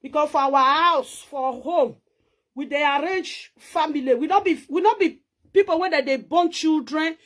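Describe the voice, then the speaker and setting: A woman speaks in a Nigerian Pidgin accent with a high, bright voice. She chats in a casual, boastful way in her home-tour video and laughs often. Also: normal speed. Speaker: vlogger.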